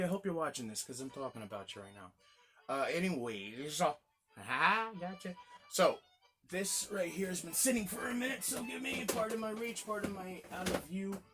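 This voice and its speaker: A man's voice: medium pitch, a bit bright. A man hosting a casual gin tasting review, chatty and rambling, exclaiming as he tastes.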